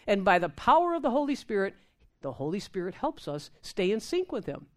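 A woman preaching a sermon in an animated, amped-up way, acting out prayers and laughing with the congregation. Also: a little high, moderate pace.

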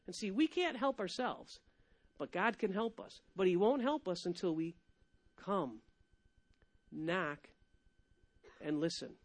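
A woman preacher giving a lively, emphatic sermon, laughing often and swinging between loud and soft. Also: lowish voice, slow pace, pauses often, dry recording.

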